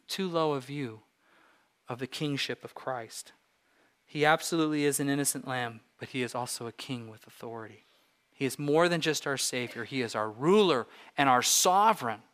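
A man's voice: medium pitch, a bit bright. A man preaching a sermon as pastor, emphatic and rhetorical, building his points with repeated phrases.

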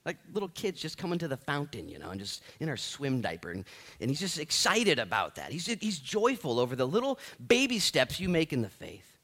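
A man's voice: a little high, huge pitch swings, fairly quick, a bit bright. A man in his thirties preaching a sermon as pastor, joking and self-deprecating, with many restarts.

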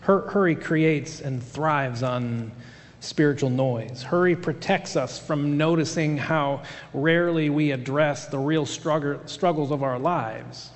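A man's voice: a little high, a little slow. A male pastor preaching a sermon in a conversational way, with fillers and restarts. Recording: long hall reverb.

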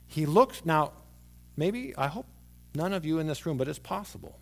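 Expressive male preacher with lively swings. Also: fairly high pitch, normal speed, creaky. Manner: dynamic delivery, swelling loud then dropping to hushed tones. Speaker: pastor. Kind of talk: sermon. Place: church sanctuary with congregation.

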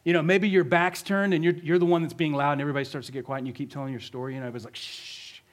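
A man's voice: a little high, fairly even intonation, racing. A male pastor preaching a conversational sermon, telling a story vividly and asking the congregation rhetorical questions.

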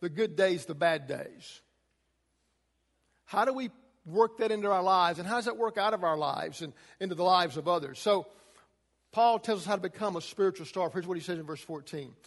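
A man's voice: sits high, normal speed, gravelly, in a large hall. A man preaching a sermon to a congregation, emphatic, his delivery rising and falling. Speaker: pastor.

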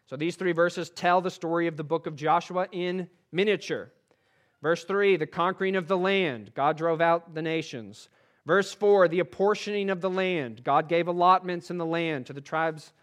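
A man preaching a sermon in a fairly high voice. He reads scripture with rising force, then drops to a hushed, earnest tone to press the point home. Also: normal speed. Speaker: pastor.

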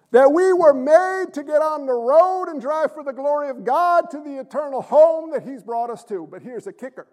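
A man preaching a sermon to his congregation, asking rhetorical questions, swinging between quiet asides and shouted emphasis, and sounding winded. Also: very high-pitched. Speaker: pastor. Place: church sanctuary.

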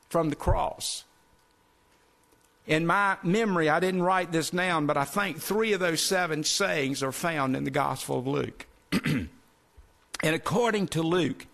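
A man's voice: fairly high pitch, a bit bright. Earnest male preacher, rhetorical questions. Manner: earnest, addresses listeners as folks, asks rhetorical questions. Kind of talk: sermon.

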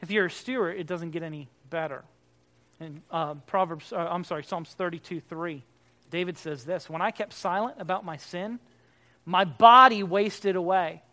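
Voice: mid-range voice, moderate pace, bright, forceful tone. A pastor giving a conversational sermon, asking the listeners rhetorical questions and acting out the remarks that people make. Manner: acts out quoted remarks in character.

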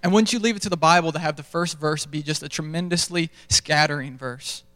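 Young man, casual storytelling preacher, fairly high clear voice, long church-hall reverb. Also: a little fast, bright, forceful tone. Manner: self-deprecating storytelling, conversational. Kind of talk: sermon. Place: large church stage.

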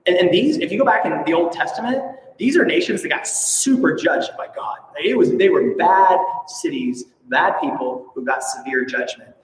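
Animated high-voiced pastor in echoing hall. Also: male voice, normal speed, hardly any pauses, slight background noise. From Alaska. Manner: animated, playful, sarcastic asides. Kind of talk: sermon. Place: church sanctuary. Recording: echoey hall, from far off.

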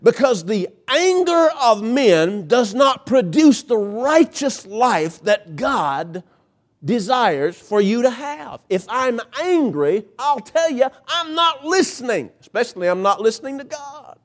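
A male pastor preaching a sermon, emphatic, with dramatic pauses and swings in pitch. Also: big pitch swings.

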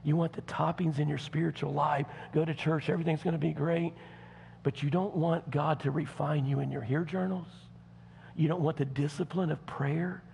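A man pastor with a Southern accent preaching a folksy sermon, speaking straight to the congregation and swinging from hushed tones to shouting. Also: a little high, steady tone, normal speed, vocal fry, a little hiss or hum. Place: church. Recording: long church hall reverb.

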